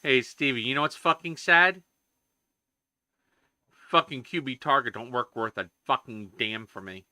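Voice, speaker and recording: A man's voice: medium pitch, unhurried, long pauses, pushed and bright, dry recording, clean studio sound. A man streaming himself coding, ranting in casual chatter with constant swearing. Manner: profane, ranting, heavy swearing.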